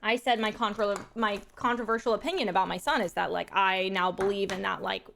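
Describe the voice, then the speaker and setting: A young woman streaming a game and chatting casually, telling rambling animated stories full of fillers. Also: mid-range voice, fairly quick, vocal fry, slight background noise. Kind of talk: casual chat to stream while gaming.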